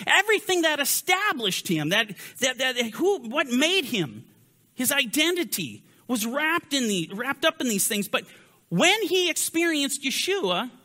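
A man teaching a Bible study in sermon style, reading scripture slowly and deliberately and pressing his points with emphatic rises and drops. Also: very high-pitched, sharp tone, long reverb tail. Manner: rises and falls sharply for emphasis.

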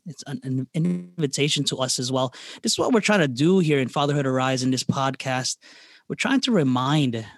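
An earnest, reflective man hosts a faith podcast, thinking aloud with frequent filler pauses. His voice sits at a middling pitch. The sound is close and dry, with no room echo. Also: a bit bright. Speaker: podcast host.

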